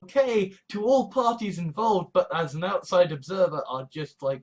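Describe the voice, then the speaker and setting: A woman's voice: on the low side, unhurried, breathy edge. A woman talking casually and profanely, acting out other people's reactions as she rants. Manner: profane, animated, acts out quoted reactions. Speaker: host. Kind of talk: casual ranting commentary.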